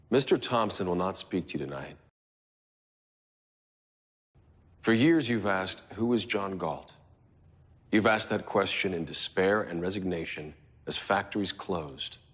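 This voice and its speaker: John Galt, a husky, solemn rebel leader. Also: male voice, low-pitched, heavily acted. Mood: defiant. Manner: solemn, measured, declamatory. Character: defiant male rebel leader addressing a nation. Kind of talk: dramatic film speech.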